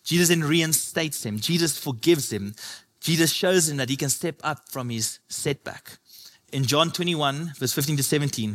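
A man's voice: on the high side, moderate pace, fairly bright tone. A man preaching a sermon to his church, building his points through impassioned repetition.

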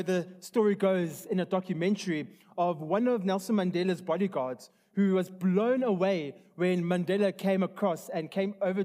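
A man's voice: high-pitched, mellow. A man preaching a sermon in a church hall, earnest and conversational, often restarting his sentences. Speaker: pastor.

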